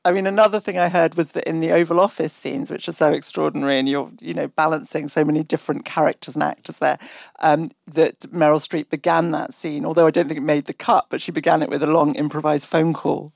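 A man's voice: fairly high pitch, fairly even intonation, fast, creaky, no room sound. A man interviewing a guest, asking long, detailed questions with curious, encouraging interest.

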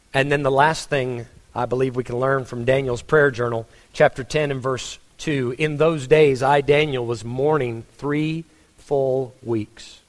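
A man's voice: mid-range voice, long reverb tail. A man with a Texan accent preaching a sermon as a pastor, conversational, with frequent restarts and rhetorical questions. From Texas.

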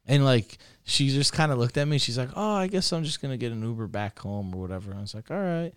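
A man's voice: mid-range voice, lively intonation, quick pace, clear, resonant tone, dry recording, clean studio sound. A man on a podcast telling a long crude story, rambling and profane. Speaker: podcast co-host.

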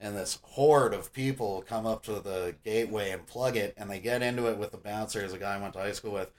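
Swearing man telling a loud story. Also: fairly low pitch, fairly quick. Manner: profane, animated, loud when quoting himself. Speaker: podcast guest. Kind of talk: casual storytelling.

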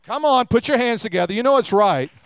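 A middle-aged man preaches a sermon in a high, clear voice. He jokes with the congregation and acts out the voices of the people he quotes. The sound is dry and close. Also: lively intonation, a little fast, no room sound. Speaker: pastor.

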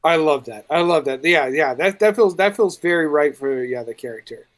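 This game master's voice is a little high and animated, moving at a moderate pace. Running a tabletop game on a laid-back podcast, he rambles eagerly and keeps breaking off to restart his sentences.

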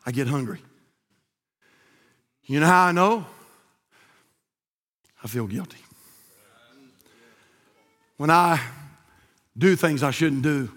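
A man preaching a sermon in a church, swinging from hushed asides to shouted appeals. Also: on the high side, expressive, slow pace, pauses often, long reverb tail. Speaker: pastor. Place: church sanctuary.

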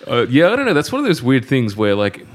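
A man's voice: medium pitch, huge pitch swings, quick pace. An Australian man hosting a podcast, chatting in an easygoing way and stumbling over words now and then. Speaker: podcast host and comedian. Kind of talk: casual podcast chat.

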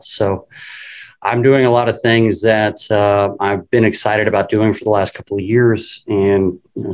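A man co-hosting a podcast, talking in a casual but measured, businesslike way. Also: fairly low pitch, a little mellow, low-quality recording.

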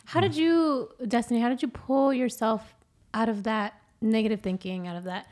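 A woman hosts a conversational interview in a fairly high voice. She asks follow-up questions in an engaged way. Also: fairly even intonation, moderate pace, a little mellow.

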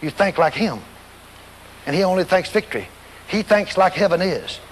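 A man's voice: high-pitched, moderate pace, long reverb tail, a little hiss or hum. A man preaching a storytelling sermon, acting out scenes and voices and laughing along as he goes.

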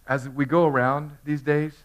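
A middle-aged male pastor giving a sermon, swinging from loud outbursts to quiet, intimate asides. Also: fairly high pitch, little pitch movement, normal speed.

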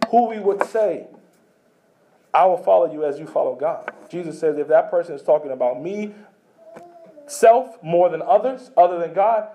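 A man preaching a sermon in a rather high voice with a mellow, warm tone. He presses points with emphasis, then drops to soft, hushed phrases. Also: a little hiss or hum. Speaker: pastor.

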